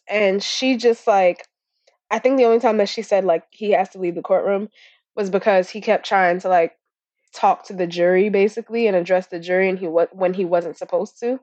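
A woman's voice: medium pitch, fairly even intonation, fairly quick, darkish tone, no echo. A young woman co-hosting a podcast, chatting casually in a blunt, rambling way with plenty of swearing and fillers. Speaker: podcast co-host. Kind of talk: casual chat. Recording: dull lo-fi recording.

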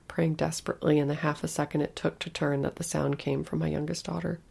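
A woman narrating a scripted horror story in a hushed, breathy way. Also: low-pitched.

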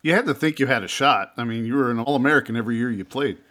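A man hosting a casual podcast with a bright, forceful voice at an everyday pitch. He asks questions directly and adds quick, teasing remarks to his guest. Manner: joking, quick interjections. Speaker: podcast host.

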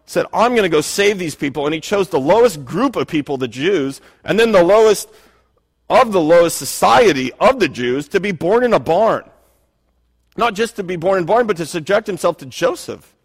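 A man's voice: high voice, expressive, normal speed, husky. A man preaching a sermon in an earnest, conversational way, often restarting his phrases. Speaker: pastor. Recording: long reverb of a hall.

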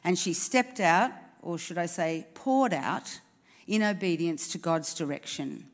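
A woman's voice: lowish voice, a little slow. Woman, preacher, earnest sermon, encouraging, rhetorical questions, church service.

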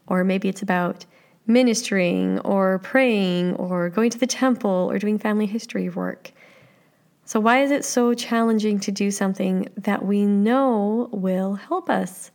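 A woman's voice: medium pitch, a little slow. A Canadian woman in her thirties with a Canadian accent, hosting a solo podcast as a life coach and talking casually with listeners. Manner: friendly, conversational, asks the listener questions.

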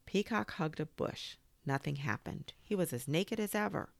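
A woman reading a children's story aloud as a podcast host, gentle and expressive. Her voice sits low with a gravelly grain, moving slowly and rising and falling widely. The sound is close and dry. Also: no echo.

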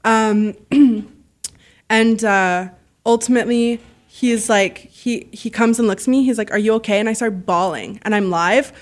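A woman telling stories as a podcast guest, animated and freely swearing, acting out the voices of people she quotes. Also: on the high side, a little slow. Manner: heavy use of "like" fillers. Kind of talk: casual storytelling.

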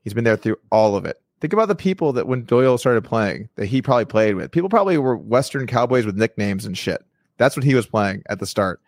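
A man's voice: mid-range voice, very animated, fast, no echo. A man hosting a casual chat, telling stories and stumbling over his words now and then. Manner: storytelling, stumbles and repeats words. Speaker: podcast host.

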